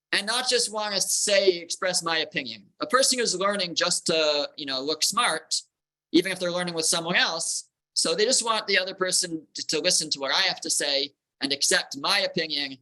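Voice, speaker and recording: Rabbi guy giving a torah class, bright clear voice, repeats himself a lot while thinking it through. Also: high voice, poor audio. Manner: explanatory, repeats words while thinking, uses Hebrew terms.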